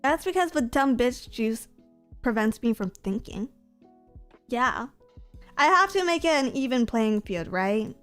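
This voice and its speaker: A woman chats casually on her stream, teasing herself and giggling between lines. Her voice sits a little high and comes through smooth and clean. Quiet music plays underneath. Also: animated, unhurried, pauses often. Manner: playful, giggly and self-mocking. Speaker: VTuber streamer. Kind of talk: casual stream chat reading comments.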